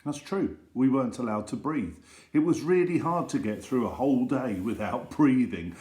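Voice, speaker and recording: A man at the front of a school assembly reads funny stories and jokes to children, gentle and teasing. His voice sits mid-pitch and rings around an echoey hall. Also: lively intonation, normal speed. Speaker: teacher leading a school assembly. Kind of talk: storytelling and reading jokes to children.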